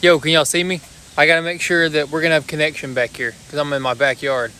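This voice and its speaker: A man's voice: fairly high pitch, fairly even intonation, quick pace, pushed and bright, smooth. A young man hosting a casual livestream from his backyard on a phone, out of breath after exercising, chatting and joking with viewers in a loose, chatty way. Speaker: livestream host. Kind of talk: casual live chat with viewers. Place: backyard outdoors.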